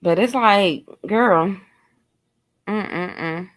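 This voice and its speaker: A woman's voice: mid-range voice, very slow, fairly bright tone. A woman giving blunt, profane commentary, speculating and talking straight to her viewers in a casual vlog. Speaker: true crime commentator.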